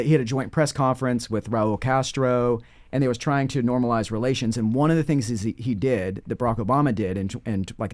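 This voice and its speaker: A man's voice: mid-range voice, a little mellow, dry recording. A man co-hosting a casual legal discussion, rambling through the story with frequent restarts and self-corrections. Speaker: podcast co-host discussing court cases.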